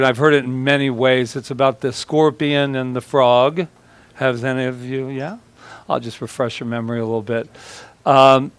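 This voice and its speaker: A man preaching a sermon in a loose, conversational way, joking with the congregation and acting out small stories. His voice sits at a middle pitch and sounds close and dry, with little room echo. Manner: conversational, joking, animated storytelling. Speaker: pastor. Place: church service.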